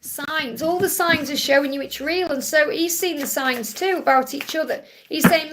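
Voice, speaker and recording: A woman's voice: sits high, normal speed, few pauses, a bit bright, a little hiss or hum. A woman hosting a live tarot reading stream, answering viewers' questions in a reassuring, affectionate way and speaking to them directly. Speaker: tarot card reader and live stream host.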